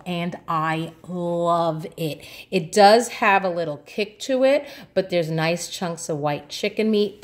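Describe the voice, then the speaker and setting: A woman from New York City, a vlogger chatting casually through a grocery haul, rambling along with lots of ums and uhs. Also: on the low side.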